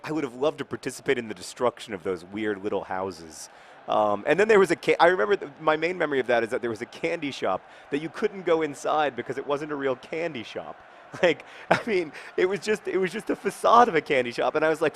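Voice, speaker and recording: A man's voice: on the high side, expressive, fairly quick, a bit bright, slight background noise. A man giving casual, rambling commentary while playing a football video game, with wry, mock-outraged asides. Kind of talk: casual let's-play commentary.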